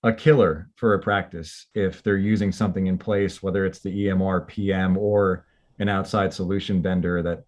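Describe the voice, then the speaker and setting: A man with a fairly low voice speaks as a guest on a podcast. His talk is loose and conversational, with plenty of casual fillers strung between his points. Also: fairly even intonation, normal speed, a little mellow. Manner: loose and chatty, many "like" and "you know" fillers. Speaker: company representative guest.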